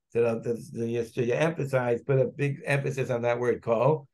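A man's voice: mid-range voice, steady tone, normal speed, creaky, hardly any pauses, a little mellow. A man, a rabbi, teaching a Talmud class, thinking aloud as he searches through the text and digresses.

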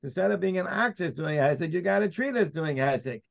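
Gravelly man teaching Talmud. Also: a little high, animated, a little fast. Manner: emphatic, argues by restating points. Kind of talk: Talmud study discussion.

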